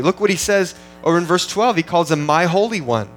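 A man's voice: sits high, brisk, few pauses, a bit bright, faint music behind, rough recording. A man preaching an expository sermon in an earnest, teaching manner, often restarting phrases as he works through the text. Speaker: pastor.

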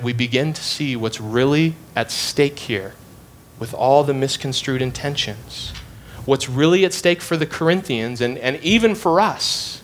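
A man preaching an expository sermon, emphatic and repeating phrases to drive his points home. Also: medium pitch.

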